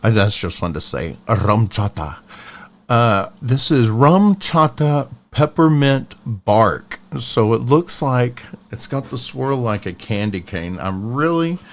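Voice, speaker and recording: A man hosting a live stream, chatting excitedly while tasting a drink. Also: on the low side. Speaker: host of a live stream show. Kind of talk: casual live stream chat.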